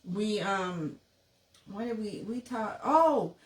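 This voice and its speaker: A woman's voice: mid-range voice, fairly even intonation, moderate pace, a bit bright. A woman in her thirties, a couples and personal development coach, talking casually on a podcast. She shares personal stories in a reflective way. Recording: echoey room, distant from the mic.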